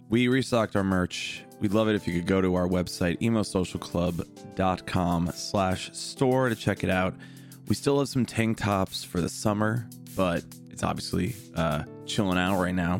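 Joking male podcast host, lowish voice. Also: creaky. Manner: joking, laughs a lot, playful. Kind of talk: casual chat and ad read.

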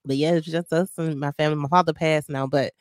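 A woman's voice: low voice, fairly even intonation, quick pace, no room sound, clean studio sound. A woman from Alabama, co-hosting a podcast in easygoing casual chat. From Birmingham, Alabama. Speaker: podcast co-host.

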